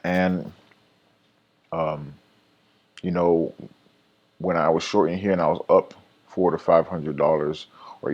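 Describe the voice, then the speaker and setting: Deep-voiced man rambling through a trading recap. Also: a little mellow, husky, highs cut off. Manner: rambling and self-critical, with many fillers and restarts. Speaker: day trader recapping his trades. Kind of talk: casual trading recap vlog.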